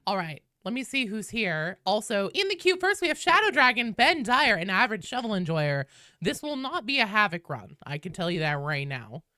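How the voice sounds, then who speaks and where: A woman's voice: medium pitch, very animated, normal speed, pushed and bright, no room sound, clean studio sound. A young woman streaming a game, chatting casually and upbeat with viewers, swearing now and then and greeting people by name.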